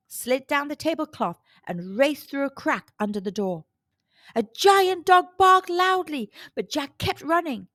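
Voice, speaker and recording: A woman storyteller reading a children's storybook aloud with a slow, expressive delivery. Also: sits high, no echo, studio quality.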